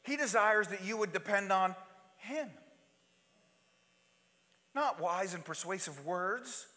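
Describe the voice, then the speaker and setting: A man preaching a sermon, swinging from loud, urgent passages to hushed, intimate asides, and acting out quoted prayers and pleas. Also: high-pitched. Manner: acts out quoted prayers and pleas in different voices. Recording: long hall reverb.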